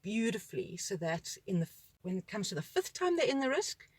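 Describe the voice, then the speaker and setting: A woman with a South African accent, a school principal, talking in a relaxed discussion and acting out what children and parents say. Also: medium pitch, fairly quick, breathy edge, dry recording. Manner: animated, acts out children's and parents' voices. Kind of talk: conversational discussion.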